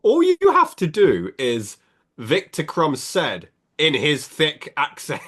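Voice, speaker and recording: A man's voice: fairly high pitch, wildly swooping pitch, slow, a bit bright. A man in his thirties co-hosting a casual podcast chat, ranting and giggling. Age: 30s. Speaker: podcast co-host.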